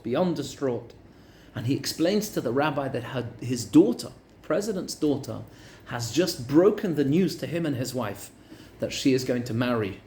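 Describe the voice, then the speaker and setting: A man rabbi giving a Torah class in the manner of a storyteller. His pitch sits in the middle range, and his delivery is lively, with joking asides. A faint background noise sits under his voice.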